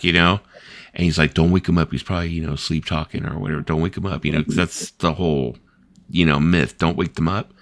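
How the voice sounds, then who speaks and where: The host, a man in his fifties, talks at a quick pace in a low-pitched, gravelly, slightly bright voice, with no room sound. During his casual late-night chat he rambles through stories heavy on "like" and "you know," acting out the voices of those he quotes.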